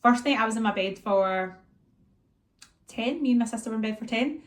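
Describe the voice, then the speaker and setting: A woman's voice: on the high side, moderate pace. Chatty Scottish woman telling stories. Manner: chatty and animated, acts out scenes and quotes her kids. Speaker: vlogger catching up with viewers. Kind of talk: casual chat, storytelling.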